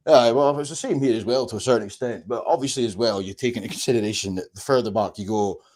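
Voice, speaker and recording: A Scottish man hosting a casual livestream chat, sweary and animated, often laughing as he talks. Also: medium pitch, fast. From Scotland. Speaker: livestream host.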